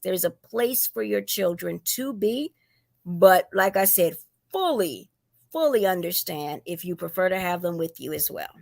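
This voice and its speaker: A woman co-hosting a community livestream, chiming in with friendly, quick remarks. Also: fairly low pitch, expressive, vocal fry, no echo, clean studio sound. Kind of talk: casual chat.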